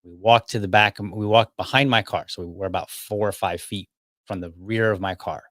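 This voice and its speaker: A man's voice: lowish voice, moderate pace, a bit bright, dry recording, clean studio sound. A man hosting a podcast, telling a personal story in a casual, argumentative and wry way. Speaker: podcast host.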